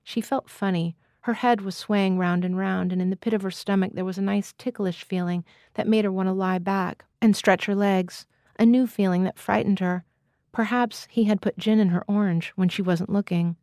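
A woman reads literary fiction aloud in an even, measured voice. Her pitch sits in the middle range. The sound is dry and close, with no room around it. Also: dry recording. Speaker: guest reader.

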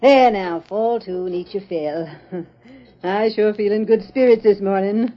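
A woman's voice: medium pitch, measured pace, natural voice. An actress playing a kindly, folksy frontier mother in a 1930s radio drama. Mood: warm. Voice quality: folksy, homespun. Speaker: Ma Williams. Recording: muffled 1930s radio broadcast.

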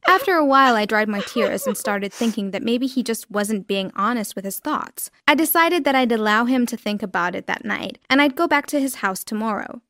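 A woman narrating a dramatic first-person story with expressive delivery. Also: a little high, a little fast, few pauses, no room sound.

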